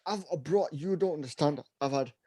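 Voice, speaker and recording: A young man with a Bradford accent chats on a podcast in a relaxed, storytelling way. His voice is mellow and dark, recorded dry and close. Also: a little high, fairly quick, no echo. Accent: Bradford English. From England. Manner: laid-back, tells stories, mimics people. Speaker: podcast co-host. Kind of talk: casual chat.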